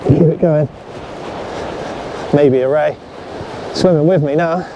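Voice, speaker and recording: A man casually chatting to his viewers while fishing on a sandy shore, talking straight to the camera and getting excited when a fish bites. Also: a little high, slow pace, gravelly, muffled recording. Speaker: fishing vlogger. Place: outdoors on a sandy shore at low tide. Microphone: camera set up on the beach. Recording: outdoor recording with loud surf noise. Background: waves and surf.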